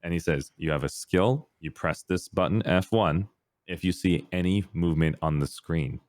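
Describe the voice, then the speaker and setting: Podcast guest, male, very low voice, lively storyteller who bursts into impressions, dry close sound. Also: normal speed, no echo. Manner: animated storyteller, acts out voices with big pitch jumps. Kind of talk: casual chat.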